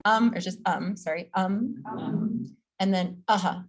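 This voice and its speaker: A chatty, upbeat woman teaching a pronunciation lesson at a mid-range pitch. She drills each sound slowly and repeatedly for students to echo. Her tone is relaxed and casual, with easy laughter. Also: dull audio. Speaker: yoga teacher training instructor.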